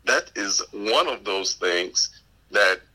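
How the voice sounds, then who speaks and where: A man from Panama with a West Indian accent, a guest in a casual interview, speaking in a measured, earnest way. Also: fairly low pitch, lively intonation, sharp tone, slightly rough, rough recording. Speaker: podcast guest.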